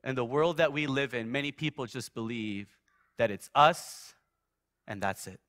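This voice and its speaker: A man giving a sermon built on his own testimony in a church, telling it vividly, surging loud and then dropping soft. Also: medium pitch, moderate pace, dry recording, studio quality. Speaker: guest preacher. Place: church sanctuary.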